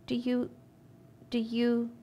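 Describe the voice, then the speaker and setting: A woman's voice: a little high, completely flat delivery, slow, warm tone, voice pushed up. A woman reading the part of an apologetic male postman who speaks hesitantly. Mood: worried.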